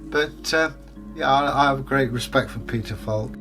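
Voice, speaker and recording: Older man, 60s, relaxed rambling co-host with a mid-pitched voice. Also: normal speed, faint music behind. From England. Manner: rambling, anecdotal, easygoing. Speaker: co-host reading viewer comments. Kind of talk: casual chat.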